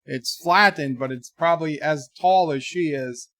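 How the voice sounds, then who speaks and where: A man's voice: on the high side, unhurried, a bit bright, no room sound. A man chatting casually on his live stream at home, telling a rambling story and reading chat messages aloud. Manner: rambling storyteller, many restarts.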